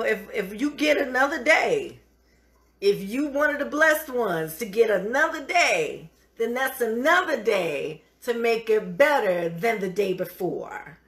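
A middle-aged woman hosts a live cooking show in an unhurried, drawn-out way. She encourages her viewers with a preachy warmth and keeps calling them honey. Her pitch sits at an everyday middle height for a woman.

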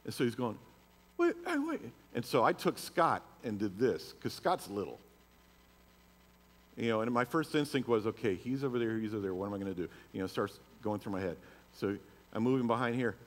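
A man's voice: lowish voice, a little fast, big-room sound. A middle-aged man preaching a sermon, moving from personal storytelling into emphatic declarations. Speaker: pastor. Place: church sanctuary.

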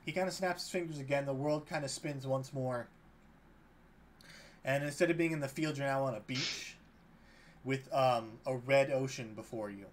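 A man serving as game master, narrating a tabletop game in a relaxed, loose way. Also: medium pitch, moderate pace, pauses often, a little hiss or hum.

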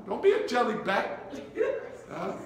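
High-voiced bishop preaching in an echoey church. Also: male voice, big pitch swings, unhurried. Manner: call-and-response, repeats short commands, asks "you follow me?". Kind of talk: sermon. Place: church sanctuary.

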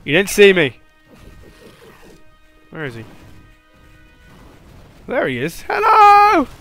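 A young man giving live gameplay commentary, rambling and joking at the monster, swinging from low mutters to panicked yelps and laughs. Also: takes it slowly, vocal fry, soft background music. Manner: excitable, yelping and laughing, swings from mutters to shrieks.

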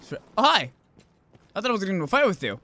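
A young man commentating a video game with loud outbursts, heavy swearing and self-mocking asides. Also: high voice, big pitch swings, fast, noisy background. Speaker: gameplay commentator. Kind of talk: swearing, excitable let's-play commentary.

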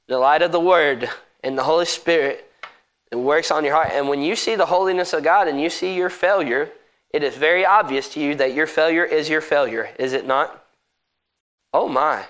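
A male pastor preaches in a high, light voice. His delivery is conversational and emphatic, and it builds at times to shouting. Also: normal speed. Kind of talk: sermon.

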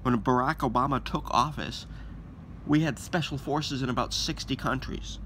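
A man delivering an agitated, sarcastic political rant to camera, swinging between loud outbursts and mocking whispers, his voice going hoarse. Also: mid-range voice, moderate pace, slight background noise. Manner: agitated, sarcastic, rising to near-shouts and dropping to mock whispers. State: losing his voice. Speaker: political commentator. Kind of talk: ranting monologue to camera.

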